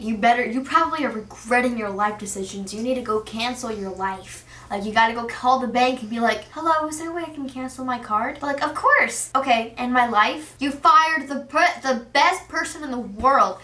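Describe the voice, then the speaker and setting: Giddy, bright-voiced young woman fan. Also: a little high, echoey room, far from the mic. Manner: gushing, giddy, says "like" constantly. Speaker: vlogger. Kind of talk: excited fan chat to camera.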